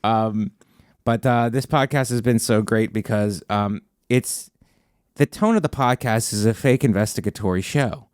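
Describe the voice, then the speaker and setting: A man's voice: on the low side, measured pace, darkish tone, clear, resonant tone, no room sound, studio quality. A man hosting a podcast, a stand-up comedian who talks in a rambling, self-interrupting, sarcastic way. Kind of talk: casual podcast chat.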